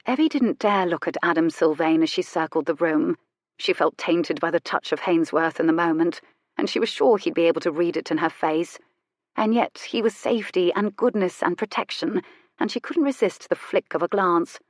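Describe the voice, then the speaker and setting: A woman narrating a romance audiobook in a measured storytelling voice, sharpening into crisp retorts for the heroine. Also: lowish voice, no room sound, studio quality. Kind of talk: scripted narration.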